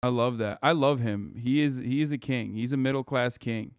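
A man streaming casual reaction commentary, animated and swearing a lot. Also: mid-range voice, normal speed, no echo, studio quality.

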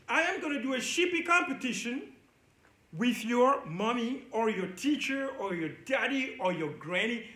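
Guy leading a kids church lesson, super high voice, roomy echo, coaxing and playful. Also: bright, forceful tone. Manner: playful, coaxing, speaks straight to the children. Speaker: children's church teacher. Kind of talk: lively lesson for young kids.

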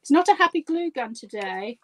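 Woman, higher voice, live craft demo, chatty, giggly, self-deprecating, faint background noise. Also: big pitch swings, a little fast, rough recording. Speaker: guest crafter demonstrating a project.

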